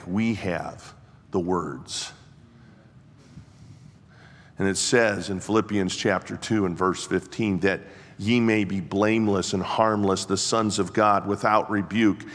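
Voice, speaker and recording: Male preacher, slow storyteller, swells to passionate emphasis, mid-pitched voice in a hall with long reverb. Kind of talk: sermon.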